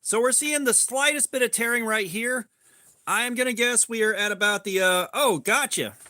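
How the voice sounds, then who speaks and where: High, bright-voiced man chatting on a livestream. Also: moderate pace, dry recording. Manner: loose and rambling, heavy on "like", swears freely; greets chat viewers by name. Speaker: livestream host. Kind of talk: casual livestream chat.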